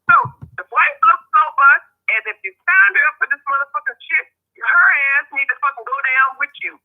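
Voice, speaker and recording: A woman's voice: high voice, fairly quick. A woman calling in to a live show, ranting in a heated, profane, fired-up way over a phone line. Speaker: caller. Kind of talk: heated call-in rant.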